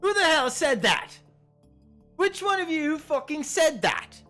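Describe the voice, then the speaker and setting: A man voicing a scornful red-armored male warband leader who shouts and curses. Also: sits high, huge pitch swings, slow, vocal fry, soft background music, pitched above the performer's own voice, full character voice. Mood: furious. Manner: shouting, sneering, profane.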